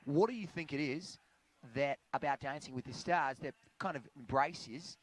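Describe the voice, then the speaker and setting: A man's voice: fairly high pitch, normal speed, low-quality recording. A man hosting a live online show, teasing his co-host and talking straight to the viewers at home. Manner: teasing, hammy, audience-addressing. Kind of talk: upbeat live hosting banter.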